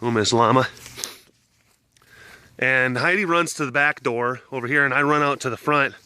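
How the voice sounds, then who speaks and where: In a clean recording with no room sound, a young man with a mid-range voice rambles through a story to camera at a moderate pace. He's a big-cat vlogger, animated and casual, voicing characters along the way.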